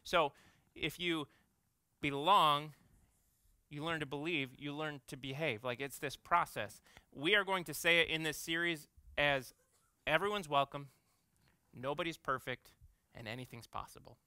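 A man's voice: on the high side, unhurried, pushed and bright, clear, resonant tone, no echo, studio quality. A man in his thirties, an executive pastor, giving a conversational sermon full of playful, self-mocking family stories.

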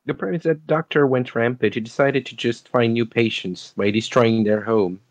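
A man's voice: medium pitch, steady tone, moderate pace, no echo. A man playing an online game with friends and cracking dry jokes. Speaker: teammate in the game. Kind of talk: casual gaming chat.

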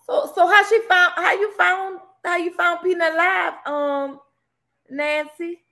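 A woman's voice: very high voice, fairly even intonation, takes it slowly, sharp tone. Laughing New Orleans woman on a live stream. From Louisiana. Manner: laughs often, reads out viewer comments. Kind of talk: casual live stream chat.

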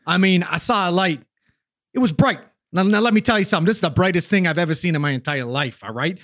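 A man's voice: high voice, fast, no room sound, studio quality. A man voicing a tough-talking New Jersey wise guy witness with a streetwise, swearing manner and a New Jersey accent. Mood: excited. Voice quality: brash, streetwise, swears, rising excited outbursts.

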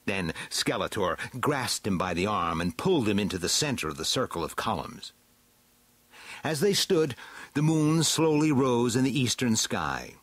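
A man reading a storybook aloud with a slow, dramatic, swooping delivery. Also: lowish voice, sing-song, a bit bright, dry recording. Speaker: narrator.

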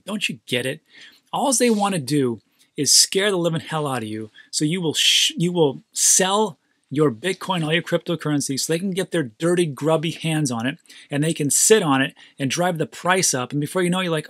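A man hosting his own channel, talking in a quick, excitable rant straight to his viewers. His voice sits a little high for a man and sounds dry and close, with no room echo. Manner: excitable, ranting, talks to viewers directly. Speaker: crypto channel host. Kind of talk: casual commentary monologue.

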